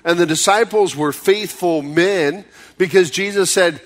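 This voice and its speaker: Preaching man, high voice, dramatic swings. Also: animated. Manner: conversational preaching, acting out quoted pleas with sudden high bursts; drops low and slow for serious points. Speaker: pastor. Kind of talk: sermon.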